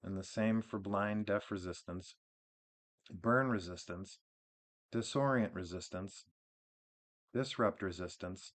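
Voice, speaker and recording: Male gaming host, low voice, relaxed rambling walkthrough, off-the-cuff delivery. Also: takes it slowly, pauses often. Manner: relaxed, rambling, with frequent restarts and fillers. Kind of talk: casual game build walkthrough.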